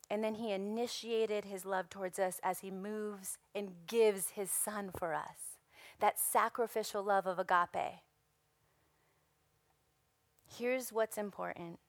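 A hoarse woman preaching a sermon to a women's gathering, earnest and emphatic, repeating phrases for weight. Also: mid-range voice, steady tone, slow pace, pauses often, no room sound. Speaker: women's ministry speaker.

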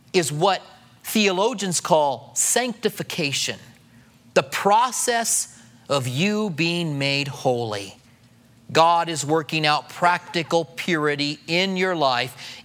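Middle-aged pastor guy, high bright voice, chatty sermon. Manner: conversational preaching, acts out quoted voices.

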